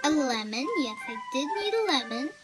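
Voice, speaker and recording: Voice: sits high, big pitch swings, fairly quick. A child narrating a phone game, chatting and thinking aloud while playing. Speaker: game player narrating a let's-play. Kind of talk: let's-play narration with role-play. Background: cheerful game music.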